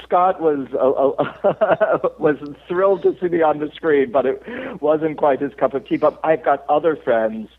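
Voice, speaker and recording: A man's voice: fairly high pitch, measured pace, hardly any pauses. A man from the United States, an actor being interviewed, telling rambling anecdotes with frequent chuckles. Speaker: actor guest. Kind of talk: casual interview chat. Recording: tinny phone line.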